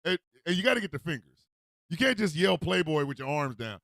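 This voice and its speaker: A male radio host delivering an animated, comedic rant with frequent laughter. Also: on the high side, brisk, vocal fry, dry recording, studio quality. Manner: animated, loud, laughs often, acts out street calls.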